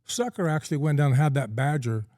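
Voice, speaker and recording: A man's voice: a little high, animated, fast, mellow, no echo, studio quality. A middle-aged man from California, a podcast guest telling a long story in a folksy, rambling way with plenty of ums and uhs. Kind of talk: casual storytelling in a podcast interview.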